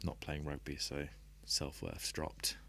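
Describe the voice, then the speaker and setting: A man who plays rugby, a guest on a podcast, talking in a reflective and open way and laughing softly now and then. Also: rumbling low, expressive, slow pace, creaky. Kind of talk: candid podcast conversation.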